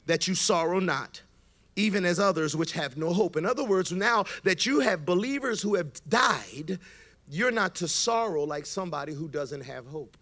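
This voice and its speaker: A man preaching a sermon, building from quiet explanation to shouted emphasis with call-and-response. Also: high voice, animated, normal speed.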